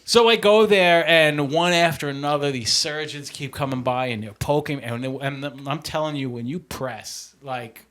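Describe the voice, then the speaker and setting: A man casually telling a story on a podcast, animated and profane, laughing often. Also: fairly high pitch, normal speed, hardly any pauses. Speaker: podcast co-host.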